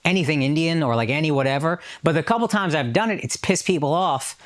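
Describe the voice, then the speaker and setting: A man's voice: a little high, quick pace. A man in casual podcast chat, telling a story with lots of emphatic swearing. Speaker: podcast regular.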